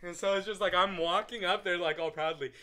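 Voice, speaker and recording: A young male podcast co-host with a very bright, forceful voice, pitched a little high. He tells a story in a casual, animated way, full of filler words and sudden loud laughing bursts. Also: a little fast.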